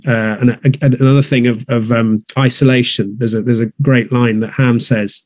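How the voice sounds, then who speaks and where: A man in a conversational interview, speaking thoughtfully at a middle pitch. He often restarts his sentences and circles back to reach his point. The sound is dry and close. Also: mellow, no echo. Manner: thoughtful, many restarts and fillers. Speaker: theatre producer. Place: north of England.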